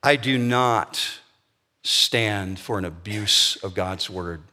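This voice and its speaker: A man's voice: lowish voice, slow, sharp tone. A man preaching a sermon as pastor, blunt and emphatic in a conversational way. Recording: long hall reverb.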